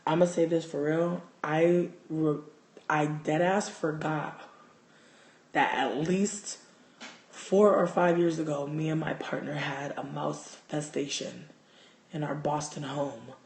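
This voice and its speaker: A man hosting a livestream, telling a story in casual, profane, animated talk. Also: on the high side, takes it slowly, roomy sound. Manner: animated, profane, gets loud and excited. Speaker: livestream host.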